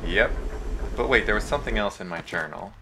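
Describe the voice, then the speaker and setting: A man's voice: on the low side, brisk, vocal fry, background noise. A young man narrating his gameplay, joking and self-mocking with rambling asides. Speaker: let's play host. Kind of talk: gameplay commentary.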